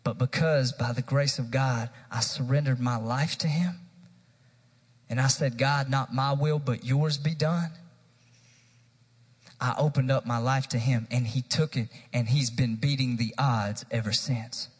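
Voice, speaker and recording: Husky preacher in a reverberant hall. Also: male voice, medium pitch, normal speed. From Tennessee, USA. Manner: energetic preaching, addressing the congregation directly. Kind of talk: sermon. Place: church sanctuary.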